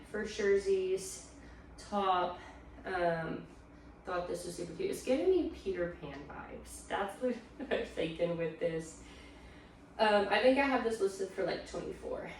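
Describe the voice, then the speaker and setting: A woman's voice: mid-range voice, slight background noise. Young woman showing off a thrift haul, chatty, lots of um and like, far off the mic, big echoey room. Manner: chatty, trails off with fillers while sorting items. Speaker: reselling vlogger, stay-at-home mom.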